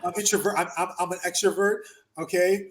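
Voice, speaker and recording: A middle-aged man talks through a relaxed podcast conversation with a voice pitched a bit high for a man. He tells stories with lots of energy and loudly acts out what other people said. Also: fairly quick. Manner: animated storyteller, acts out quotes loudly. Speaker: podcast host. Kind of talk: casual chat. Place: Los Angeles.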